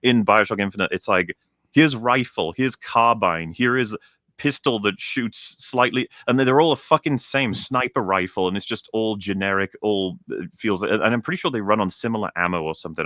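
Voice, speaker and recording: A man's voice: fairly low pitch, a little fast, fairly bright tone, dry recording, clean studio sound. A young man ranting in a casual show chat, heated and profane, often restarting his sentences. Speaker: co-host.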